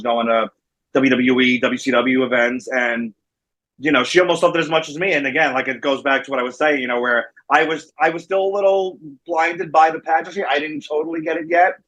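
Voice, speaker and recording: Speaking at medium pitch with a slightly bright tone, a New Jersey-accented wrestling manager shares stories as a guest in a casual interview over a remote call. He acts out the voices he quotes, and the recording is muffled.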